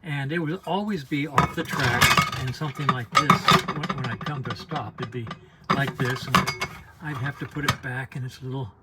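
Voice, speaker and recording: The recording is very noisy as an older man with a mid-range voice talks at normal speed to his handheld camera inside an RV. It's a casual, rambling trip vlog, folksy and digressive, peppered with wry asides and frequent restarts.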